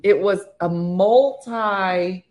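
A woman's voice: mid-range voice, extremely slow, highs cut off. A woman co-hosting a casual comedy chat who tells stories with animation and teases her co-host. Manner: animated storyteller, playful teasing.

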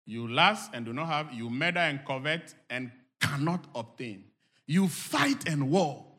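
A man preaching a sermon to a congregation, dropping to low murmurs and rising to loud shouted exhortations, acting out quoted inner voices. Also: husky.

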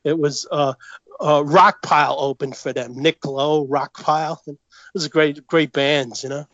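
A man's voice: fairly high pitch, steady tone, a little slow, fairly bright tone, no room sound, highs cut off. A man with a New York accent, rambling through a story as a podcast guest, repeating himself and laughing as he goes. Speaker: guest, longtime fan. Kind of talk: casual chat, storytelling.

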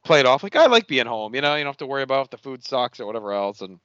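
A man's voice: mid-range voice, very fast, a bit bright, clear, resonant tone, dry recording, muffled recording. A man hosting a podcast, casually recapping a TV episode and acting out the characters' lines with a loose, swearing humor. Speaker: podcast host.

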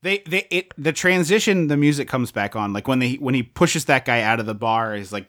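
A man co-hosting a podcast in a relaxed, casual chat about a movie. His voice sits in a middle pitch, and he gets enthusiastic as he retells scenes. He slips into quick impressions of characters' lines. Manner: enthusiastic, acts out quoted lines. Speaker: podcast co-host.

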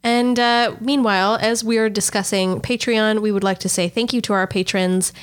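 A woman co-hosting a podcast in casual chat, chatty and quick to laugh. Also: medium pitch, fairly even intonation, clear, resonant tone. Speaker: podcast co-host.

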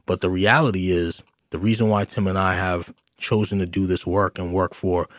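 A man's voice: low voice, no echo, clean studio sound. A man hosting a community radio talk show, speaking earnestly and encouragingly to young people, with plenty of "you know" and "right?". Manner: earnest, encouraging, addresses youth directly.

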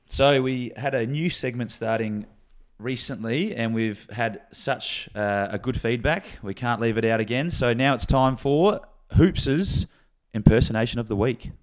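A man's voice: medium pitch, a little slow. A man co-hosting a podcast, talking in a laid-back, dry way. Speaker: podcast co-host and physio. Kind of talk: casual podcast chat.

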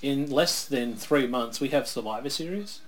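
A man's voice: medium pitch, moderate pace. A man co-hosting a casual wrestling watch-along, talking through predictions in a chatty way and laughing often. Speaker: co-host. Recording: faint background noise, lawnmower outside.

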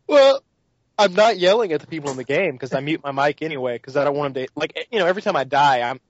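Animated high-voiced man telling stories. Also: quick pace, highs cut off. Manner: animated storyteller, mimics yelling friends. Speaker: podcast co-host. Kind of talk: casual chat.

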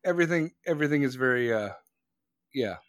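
A man's voice: mid-range voice, animated, fast talker, fairly bright tone, no echo. A man hosting a live stream, talking in a rambling, crude and sarcastic way and reading viewer comments aloud. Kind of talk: casual profane rant.

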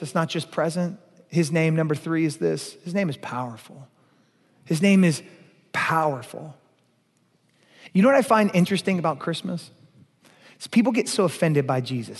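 A male pastor preaching a sermon, emphatic, asking rhetorical questions and swinging between loud declarations and hushed lines. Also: on the high side. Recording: long reverb of a large hall.

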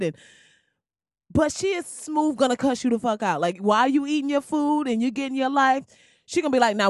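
Here a woman with a higher-pitched voice delivers a laughing, slangy comedic monologue as a podcast host, loud and animated throughout. The recording is dry and clean, studio-like, yet picked up on a crackly podcast mic.

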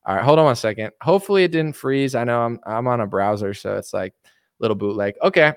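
A man's voice: mid-range voice, lively intonation, fast talker, smooth, dry recording, studio quality. A man hosting a livestream, ranting casually about politics in a boastful, combative, sarcastic way. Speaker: livestream host.

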